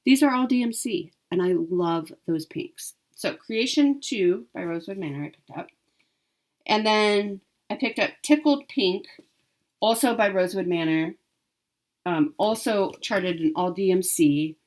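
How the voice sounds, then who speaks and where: Speaking at a measured pace in a slightly mellow, mid-range voice, a woman chats casually to camera about the cross-stitch she bought and her giveaways. She sounds upbeat and talkative, often saying um and correcting herself.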